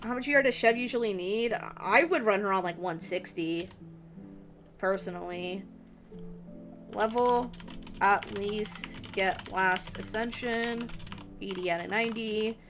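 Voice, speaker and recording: A woman's voice: mid-range voice, measured pace, fairly bright tone. Chatty young woman streaming, music behind. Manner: chatty, thinks aloud with many fillers. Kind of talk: casual game guide commentary on a live stream. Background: background music and keyboard typing.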